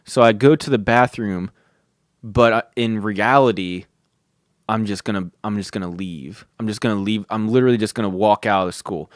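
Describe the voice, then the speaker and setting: A man's voice: on the low side, moderate pace, no room sound, clean studio sound. A young man hosting a podcast, telling a long casual story in a rambling way, swearing often and saying "dude" and "like" constantly. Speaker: podcast host. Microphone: close studio mic.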